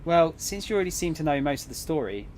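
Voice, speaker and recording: A man's voice: fairly high pitch, sing-song, fast, a little mellow, slight background noise. A man voicing a snide embassy agent. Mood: cool. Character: cool, snide adult male embassy agent.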